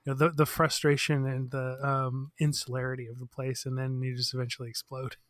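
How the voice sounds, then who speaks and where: A man in casual podcast chat, talking thoughtfully and in a measured way about music and where he grew up. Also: medium pitch, monotone, no room sound, studio quality.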